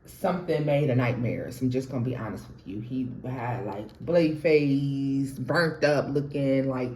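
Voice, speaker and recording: A young woman telling her own ghost story in an animated, chatty way, talking straight to viewers and laughing often. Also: low-pitched. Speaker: tarot reader and storyteller. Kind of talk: casual storytime vlog. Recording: roomy echo.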